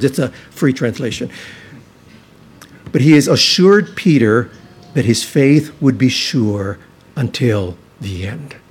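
A man preaching a sermon as pastor, earnest and emphatic, slowing down to stress key words. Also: mid-range voice, darkish tone, husky.

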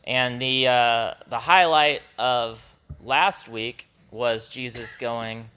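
A man leads a congregation through a Bible passage at an unhurried, deliberate pace. His tone is bright and a little taut. He talks in a loose, conversational way, often restarting his sentences, and adds small chuckles as he goes. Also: mid-range voice, steady tone, clean tone. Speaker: pastor. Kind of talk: informal Bible teaching to a congregation.

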